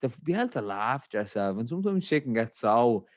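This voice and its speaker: A man's voice: medium pitch, big pitch swings, quick pace, no room sound, clean studio sound. An Irish man hosting a podcast in loose, rambling casual chat, full of swearing and filler phrases. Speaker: podcast host.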